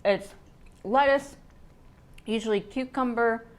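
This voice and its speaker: A woman guest chatting casually and warmly about food she loves. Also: a little high, slow. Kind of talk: casual chat.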